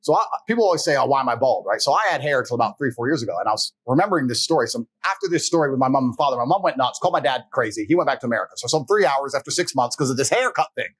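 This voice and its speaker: A man talking as a podcast guest, telling a personal story in a fast, animated, blunt and profane way. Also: medium pitch, breathy edge. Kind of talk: conversational storytelling.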